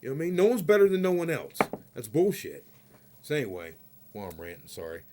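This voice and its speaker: A man's voice: fairly high pitch, huge pitch swings, quick pace, very noisy. A man ranting in a vlog, telling a story in a rambling, profane and heated way, often asking "you know what I mean". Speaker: vlogger.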